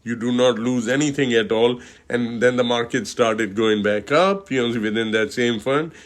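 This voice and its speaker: A man from India, a financial advisor hosting a video, explaining a chart slowly with many fillers and pauses. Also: medium pitch. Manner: slow, halting, many fillers.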